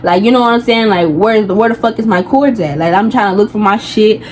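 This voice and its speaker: A woman's voice: medium pitch, a little fast, darkish tone, a little hiss or hum, poor audio. A young woman telling a personal story in a heated, venting way, full of slang and rambling asides. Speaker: vlogger. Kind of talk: casual storytime rant.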